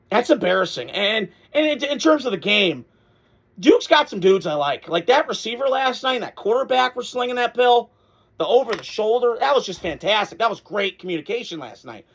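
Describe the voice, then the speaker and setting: A man's voice: sits high, a bit bright. A man hosting a casual sports reaction video, talking in a blunt, fired-up way and swearing freely.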